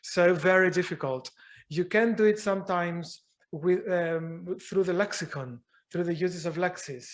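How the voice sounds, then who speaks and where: A man answers audience questions after a university lecture. His voice sits fairly high for a man, and he thinks aloud, pausing and rephrasing as he searches for the right words. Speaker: guest lecturer.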